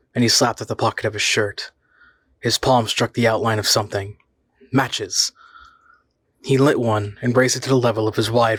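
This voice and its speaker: A man reading a horror story aloud in a measured, suspenseful way. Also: lowish voice, a bit bright, slightly rough, dry recording. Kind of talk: scripted horror story narration.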